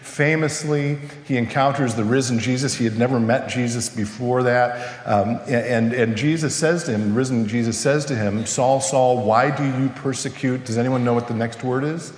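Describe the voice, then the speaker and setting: A man's voice: mid-range voice, steady tone, moderate pace, few pauses. Male pastor, casual sermon delivery, echoey church hall with long reverb. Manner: conversational, asks the congregation questions. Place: church sanctuary.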